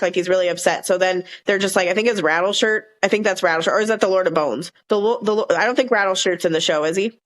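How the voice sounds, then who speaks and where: Woman, Southern US accent, podcast co-host, casual rambling chat, mid-pitched voice. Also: fast talker, hardly any pauses. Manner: rambling, retells scenes with quoted lines. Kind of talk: casual chat recapping a TV episode.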